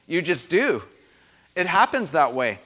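A man preaching a sermon in a dramatic way, often dropping to a hush and then rising loud for emphasis. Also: a little high, big pitch swings, unhurried. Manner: dramatic, varies loudness for emphasis. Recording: long hall reverb.

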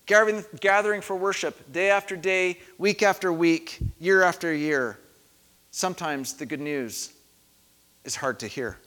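A man preaching in a church, his voice high and bright against the long echo of the hall. He speaks calmly and reflectively, going quiet at times and then leading loud shouted responses. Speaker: pastor. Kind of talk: sermon. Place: church sanctuary. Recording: echoey hall.

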